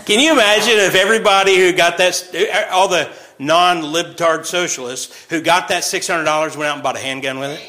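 Bright-voiced joking preacher man. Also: a little high, low-quality recording. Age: over 40. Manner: chatty, joking, quick laughs between points. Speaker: pastor. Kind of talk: informal sermon with jokes.

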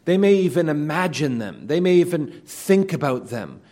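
A man preaching an expository sermon in an earnest, measured way, often restarting his phrases. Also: on the high side, sing-song, darkish tone.

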